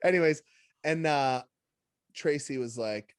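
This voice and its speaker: A podcast co-host in his thirties tells a story during casual chat, slipping into quoted voices. His fairly high voice moves at a moderate pace, with clean studio sound and no room sound.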